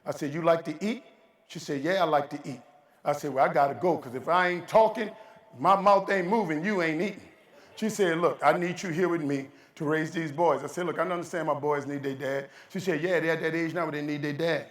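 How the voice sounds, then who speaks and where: A man's voice: fairly high pitch, fairly quick, recorded from a distance. A man giving a motivational keynote speech, telling stories in a folksy, emphatic way and acting out the dialogue. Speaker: keynote speaker. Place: large conference hall. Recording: roomy hall, voice from off-mic.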